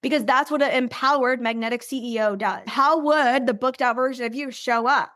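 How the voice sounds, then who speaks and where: Casting note: high-pitched, bubbly woman coach, dry close voice, conversational and upbeat. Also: steady tone, brisk, fairly bright tone, no echo. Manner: chatty, upbeat, says "right?" constantly; acts out invitees in bubbly voices. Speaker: business coach. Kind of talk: recorded coaching training.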